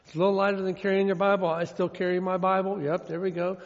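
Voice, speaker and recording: A man's voice: high voice, level tone, quick pace. A man preaching a sermon in a folksy style, repeating his points and drawing out the verses he quotes. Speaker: pastor. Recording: long reverb, dull lo-fi sound.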